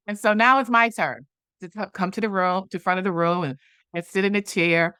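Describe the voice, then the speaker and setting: A woman's voice: medium pitch, fairly quick, a bit bright, clean tone, no echo, clean studio sound. A woman interview guest telling a personal story, animatedly acting out the dialogue from it. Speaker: guest, movement founder.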